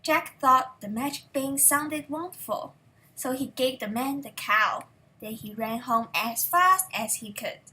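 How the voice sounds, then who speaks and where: Woman, storybook reader, high voice, bright tone, expressive. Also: a little slow, poor audio. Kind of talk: children's story read-aloud.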